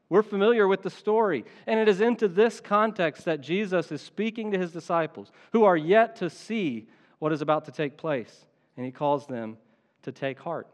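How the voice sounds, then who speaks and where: A man's voice: on the high side, big-room sound. Earnest man preaching a sermon. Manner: earnest, emphatic, stretches key phrases slowly. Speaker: pastor.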